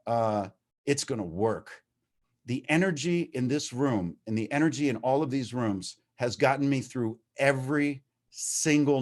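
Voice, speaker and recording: Man, recovery-meeting speaker on a video call; candid, animated, casual swearing. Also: medium pitch. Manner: animated, swears freely, gets worked up. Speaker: recovering addict sharing at a meeting. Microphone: video-call microphone.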